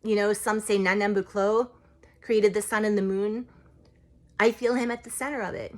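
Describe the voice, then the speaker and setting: A woman who practices witchcraft, talking in a casual, rambling vlog style, full of "like" and "you know" and quick to get emotional. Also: mid-range voice, fairly even intonation. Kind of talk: casual spiritual vlog talk.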